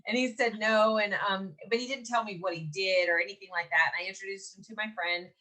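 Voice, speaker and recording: A woman in her forties from Mississippi, co-hosting a podcast and telling a story in a lively, chatty way, laughing often and acting out what people said. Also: mid-range voice, quick pace. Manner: animated, laughs often, acts out quotes. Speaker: podcast co-host. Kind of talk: casual storytelling chat.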